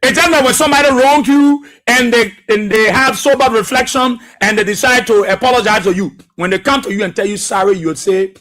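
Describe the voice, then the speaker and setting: A man's voice: very high voice, a little fast, few pauses, fairly bright tone. A man giving impassioned political commentary as a radio talk show host, repeating phrases for emphasis.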